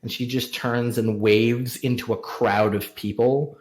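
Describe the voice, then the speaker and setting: A man serves as game master for a tabletop role-playing session, describing scenes in a relaxed, loose way. He fills his narration with "uh" and "like" and laughs often, in a mid-pitched voice. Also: measured pace.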